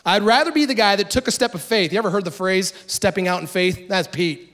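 A male pastor delivers a lively sermon and talks to the congregation like he's chatting with friends. His voice sits a little on the high side, and he slips into quick acted-out asides between the teaching. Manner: conversational, animated preaching with acted asides.

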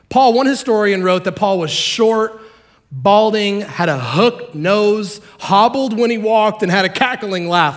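A man preaching a sermon to a congregation, animated and joking, acting out the characters in the story. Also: sits high. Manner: animated, acts out quotes, jokes with the congregation. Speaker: pastor.

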